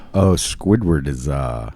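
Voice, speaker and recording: A man hosting a casual podcast, chatting easily and running through the show announcements in a relaxed way. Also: extremely low pitch, breathy edge, dry recording, clean studio sound. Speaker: podcast host.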